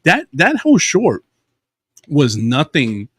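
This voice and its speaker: A man's voice: a little high, huge pitch swings, slow pace, husky, no room sound, studio quality. Man with a Louisiana accent, casual chat. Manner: conversational, says "you know" a lot, explains filmmaking. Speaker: co-host.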